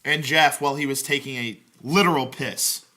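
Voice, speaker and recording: Bright-voiced joking man podcaster. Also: medium pitch. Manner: joking, quick opinionated banter. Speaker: podcast co-host. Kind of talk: casual sports chat.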